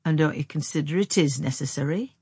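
A slow, stubborn young farmer man with broad Northern English country speech, as a woman reader puts him on. He teases in a husky, lowish voice. The recording is dry and close. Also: a little mellow, no room sound, heavily acted. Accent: Northern English dialect.

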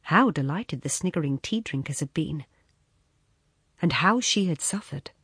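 A woman reading a literary short story as an audiobook narrator, measured and expressive, softening into hushed passages. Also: deep voice, slightly rough, dry recording, clean studio sound.

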